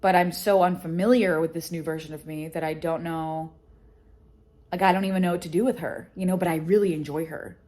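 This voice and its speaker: A woman's voice: lowish voice, steady tone, fairly quick, a little mellow. A woman vlogger and education business founder talking candidly and emotionally about her life, swearing freely. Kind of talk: candid personal vlog talk.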